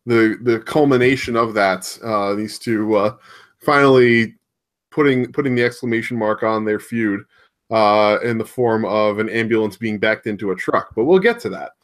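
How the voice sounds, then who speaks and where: A man's voice: fairly low pitch, normal speed. A man co-hosting a casual wrestling podcast, recapping a match in a rambling way with lots of fillers and restarts, laughing now and then. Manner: laughs often, acts out quoted shouts. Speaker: podcast co-host.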